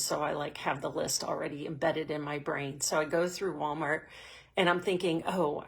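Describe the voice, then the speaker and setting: A middle-aged woman hosts a heartfelt motivational talk for a women's group, telling emotional stories earnestly and sometimes coming close to tears. Her voice is deep and gravelly.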